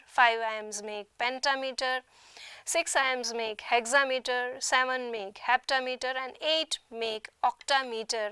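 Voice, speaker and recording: A woman from India, an assistant professor of literature, giving a slow, carefully enunciated recorded lecture in a studio. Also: a little high, sharp tone, no room sound. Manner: slow, deliberate, clearly enunciated explanation.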